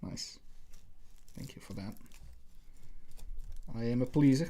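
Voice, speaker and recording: A man hosts a laid-back livestream, talking to his viewers while he draws. His voice is mellow and warm, with mid-range pitch. He rambles and jokes crudely into a desk microphone. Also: slow, long pauses, slight background noise. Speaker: livestream host. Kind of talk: casual livestream chat while drawing.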